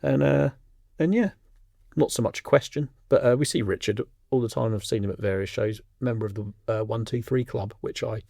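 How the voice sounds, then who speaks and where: Man, podcast co-host, casual chat, mid pitch, dry close sound. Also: a little fast, gravelly, mellow, dry recording. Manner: chatty, reads listener messages aloud.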